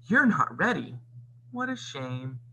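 A man's voice: fairly high pitch, huge pitch swings, normal speed, pushed and bright, slightly rough, heavily acted, low-quality recording. A man voicing a cruel, bossy older stepmother in a read-aloud storybook, with a cold, clipped way of giving orders. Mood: sneering.

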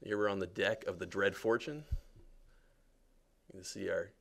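Male game developer, deep gravelly voice, chatty, jokey live commentary. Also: fairly even intonation, moderate pace, fairly bright tone. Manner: chatty and jokey, many fillers. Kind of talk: casual live gameplay commentary.

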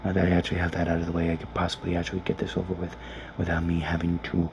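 A man whispering gameplay commentary from a small closet, grumbling and swearing in a hushed voice. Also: low voice, completely flat delivery, racing, gravelly, few pauses. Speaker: let's player. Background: faint background noise.

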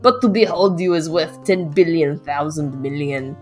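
A grandiose male rat painter from a dating game, gushing over-the-top compliments in a wobbly fake French accent, as a woman puts him on. The voice sits a little low and is heard with faint music behind. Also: fairly even intonation, moderate pace, lightly acted. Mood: grandly romantic. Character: pompous male rat artist, flowery romantic.

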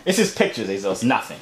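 A young man chats and teases through a home vlog, his low voice leaping up and down in pitch as he laughs often. There is steady noise in the background of the room. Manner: playful, teasing, laughs often. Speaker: vlogger, older brother. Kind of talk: casual vlog chat.

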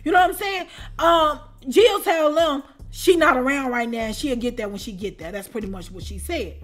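A woman with a high voice tells a personal story in a relaxed storytime chat. She is animated and keeps asking her listeners whether they follow her. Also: normal speed, soft background music. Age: adult with children. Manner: animated, keeps asking "you know what I'm saying?". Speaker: storytime channel host. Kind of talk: casual storytime.

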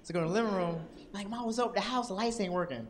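A young man from Washington, D.C. performing stand-up comedy on stage, animated and acting out characters in shouted voices. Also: sits high, racing. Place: comedy club stage with audience.

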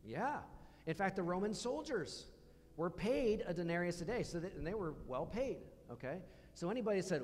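A man's voice: high-pitched, big pitch swings, moderate pace, slight background noise. Man preaching in a reverberant church hall. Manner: conversational, asks the congregation questions. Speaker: pastor. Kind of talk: sermon.

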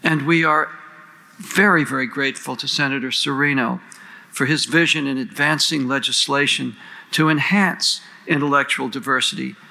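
Gravelly, bright-voiced man giving a formal speech. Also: mid-range voice, moderate pace, rough recording. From United States. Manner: earnest, rhetorical, lists and questions. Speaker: panel moderator introducing speakers.

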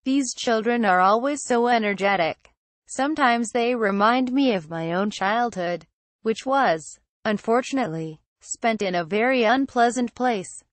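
A woman narrating a first-person horror story in a calm, measured storytelling voice. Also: fairly high pitch, no echo.

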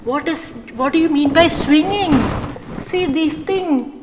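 A woman's voice: sits high, slow. A woman teaching an English lesson to young children, asking the class questions and spelling words out letter by letter. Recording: echoey room, loud background noise.

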